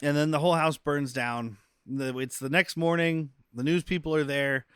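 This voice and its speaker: A man in casual podcast chat, recapping movie scenes and acting out lines from them. His voice sits somewhat high for a man. The sound is dry and close, with no room behind it. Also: fairly even intonation, normal speed, a bit bright, clear, resonant tone, dry recording. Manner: recaps scenes, acts out quotes. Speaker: podcast co-host.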